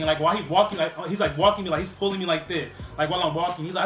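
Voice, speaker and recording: A man's voice: fairly high pitch, steady tone, quick pace, hardly any pauses, a bit bright, echoey room. A man vlogging a casual storytime, rambling and full of "like" fillers. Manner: rambling, heavy use of "like" fillers.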